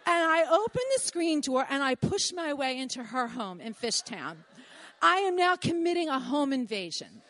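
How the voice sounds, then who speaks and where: Woman, middle-aged, live storytelling, animated, high pitch. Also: moderate pace. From Philadelphia. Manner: animated, acts out her own and others' lines.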